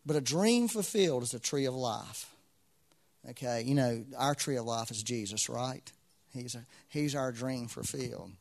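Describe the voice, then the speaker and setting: A man's voice: mid-range voice, animated, moderate pace, gravelly, a little mellow. A man preaching a sermon to a congregation, repeating phrases with swelling intensity. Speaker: pastor.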